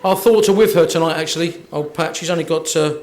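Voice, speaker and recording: Fast-talking bloke from kent, cheeky stand-up at an awards do, faint laughs in the room. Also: male voice, a little high, crowd noise, background noise. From Kent, England. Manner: cheeky, self-mocking joke delivery to a live room. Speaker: after-dinner comedian. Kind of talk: stand-up comedy routine. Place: hotel function room at an awards dinner.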